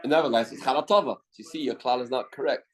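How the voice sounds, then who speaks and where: A man's voice: mid-range voice, rapid-fire, low-quality recording. A man teaching a Talmud class as a rabbi, reasoning aloud and repeating his key questions. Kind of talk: Talmud study lecture. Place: study hall.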